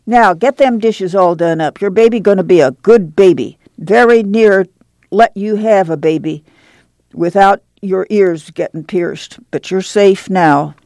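A woman's voice: medium pitch, unhurried, a little mellow, no room sound, lightly acted. Woman reader as a motherly farm woman, firm and soothing, homespun, dry sound.

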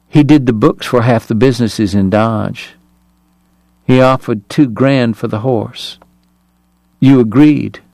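A man voicing a cold Southern gunman who speaks softly, flatly and slowly with contempt. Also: mid-range voice, dry recording. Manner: soft, flat, slow, contemptuous. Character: cold, menacing Southern gunman, quiet and courteous.

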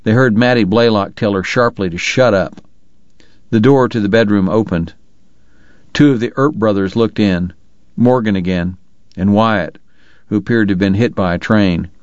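Low-voiced male audiobook narrator. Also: normal speed, darkish tone, no room sound, highs cut off. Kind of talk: scripted narration.

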